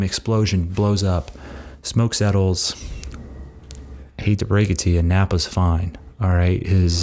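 Very deep gravelly-voiced man, rambling. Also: dark tone. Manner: rambling and crude, heavy with "like" fillers. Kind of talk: casual comedic recap.

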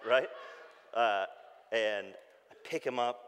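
Animated pastor in a reverberant hall. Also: male voice, medium pitch, moderate pace. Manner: animated storytelling, shouting when acting out calls; drops to a soft, hushed tone when reflective. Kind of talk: sermon.

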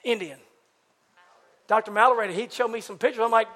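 Man, preacher, sermon, very high pitch, folksy, congregation call-and-response, loud bursts and quiet asides. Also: brisk. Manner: animated, swinging from loud exclamations to hushed asides; folksy, talks back and forth with the congregation. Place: church service before a congregation.

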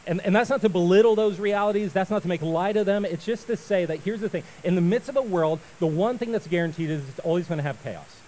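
A male pastor giving a sermon, telling a story with lively acted-out voices before turning to prayer. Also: high-pitched, fast talker, hardly any pauses, rough recording. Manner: animated storyteller, acts out voices and shouts.

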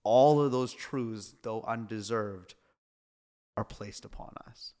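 Male pastor, podcast host, low voice, earnest and preacherly. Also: slow, a little mellow. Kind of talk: reflective podcast conversation.

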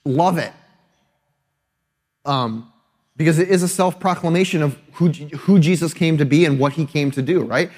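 Preaching with a brisk, somewhat high and slightly mellow voice, this pastor keeps his sermon conversational and emphatic. He frequently tosses in tag questions to check in with the congregation.

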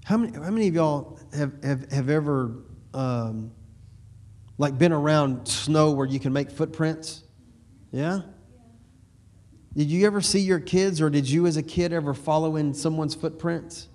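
A middle-aged man from Texas with a slight East Texas twang, preaching a folksy sermon that slows down and grows louder on scripture lines. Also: a little high. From Texas, USA. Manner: folksy, repeats words, slows and swells on scripture. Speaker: pastor.

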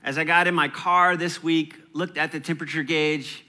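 A man's voice: a little high, steady tone, moderate pace, pushed and bright. A man in his thirties preaching a sermon in a church, conversational and playful, with chatty asides. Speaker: pastor.

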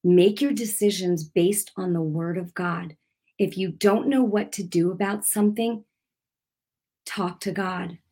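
A woman's voice: lowish voice, steady tone, a little slow, mellow, husky. A woman giving an informal, earnest sermon without notes. She talks conversationally and often restarts her sentences. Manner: unscripted, speaking without notes. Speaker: preacher.

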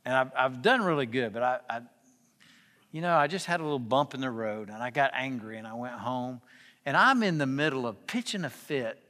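Man, guest speaker, confessional preaching, rhetorical questions, bright forceful voice, long hall echo. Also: mid-range voice, expressive, fairly quick. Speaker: guest speaker at a men's gathering. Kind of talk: informal preaching talk. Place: event hall with tables.

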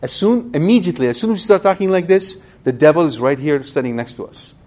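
Lively man teaching a Bible study. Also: fairly high pitch, fast. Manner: lively, talks directly to the audience with questions.

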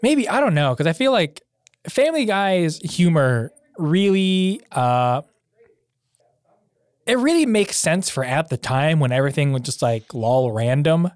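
Higher-voiced man, hesitant casual chat. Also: sing-song, unhurried, no echo. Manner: hesitant, full of fillers. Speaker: podcast co-host.

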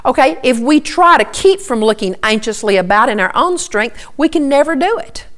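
A woman's voice: high voice, animated, moderate pace, a bit bright. A woman giving an earnest Bible teaching, repeating key points and often starting with "okay".

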